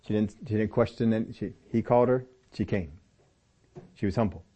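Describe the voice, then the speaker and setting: A man's voice: lowish voice, normal speed, dark tone, husky, lo-fi sound. A man teaching from the Bible in a sermon, speaking emphatically and repeating phrases for stress while talking straight to his listeners. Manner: talks directly to listeners, sometimes by name.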